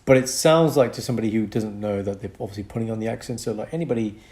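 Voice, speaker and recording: A man who is a doctor and podcast co-host, explaining a medical condition in a casual, lively chat. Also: lowish voice, very fast. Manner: explains medical topics, lively, slips into mock accents.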